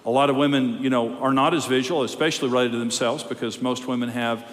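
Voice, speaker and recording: A man, a marriage counselor, teaching a live seminar in an emphatic, wry way that builds to loud exhortation. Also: medium pitch, fairly even intonation, fast talker. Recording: long reverb of a large hall.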